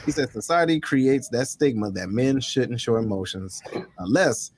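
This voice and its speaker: Man, host, energetic, medium pitch, dry room. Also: normal speed, husky, no room sound. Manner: energetic, laughing, call-and-response. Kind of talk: casual panel talk show.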